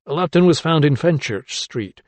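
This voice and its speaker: A man voicing a young anatomist in an audiobook, giving polite, measured replies to his elders. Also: on the high side, expressive, darkish tone, dry recording, voice pushed up. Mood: respectful. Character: young male anatomist, earnest, respectful, guarded.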